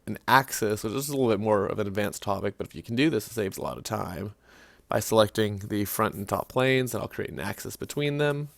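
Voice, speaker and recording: A man with a low, slightly gravelly voice walks through a design-software tutorial in a casual, think-aloud way. The sound is dry and close, and keyboard clicks come through now and then. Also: a little fast, dry recording. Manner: casual, thinking aloud with fillers and self-corrections. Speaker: CAD tutorial instructor. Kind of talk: screen-recorded software walkthrough.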